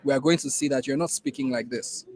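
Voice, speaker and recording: A man's voice: medium pitch, fast talker, darkish tone, low-quality recording. A man with a Nigerian accent teaching a class in an emphatic way, repeating key points to drive them home. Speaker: innovation program instructor. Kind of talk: classroom lecture.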